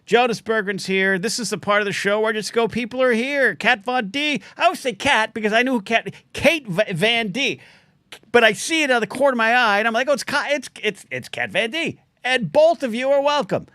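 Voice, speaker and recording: A middle-aged man hosting a live call-in stream, chatting loosely and reading out chat names, his throat a little scratchy from shouting. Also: very high voice, expressive, no echo, studio quality. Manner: chatty, quick asides, reads out chat names. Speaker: livestream call-in show host. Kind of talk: casual rambling live-stream talk.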